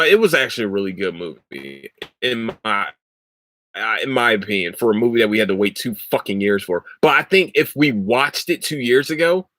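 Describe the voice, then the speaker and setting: A man's voice: fairly low pitch, no room sound. Rambling, cursing young man podcaster. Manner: rambling, swears freely, breaks into loud laughter. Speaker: podcast host. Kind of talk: casual solo podcast chat about shows.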